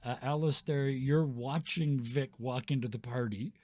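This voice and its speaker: A man's voice: medium pitch, a little slow. Laid-back man narrating a tabletop game. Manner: laid-back, chuckling, filler-heavy. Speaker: game master.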